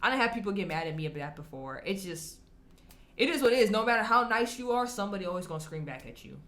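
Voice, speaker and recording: A woman's voice: mid-range voice, quick pace. A woman talking casually to camera as a vlogger answering viewer comments, chatty and candid, often laughing as she talks. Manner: animated, acts out quoted people in shifting voices.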